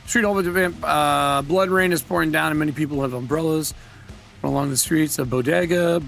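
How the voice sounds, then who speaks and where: A man's voice: a little high, moderate pace, creaky, fairly bright tone, faint music behind. A man hosting a casual live stream, reading from a book aloud and riffing with profanity. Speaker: streamer host.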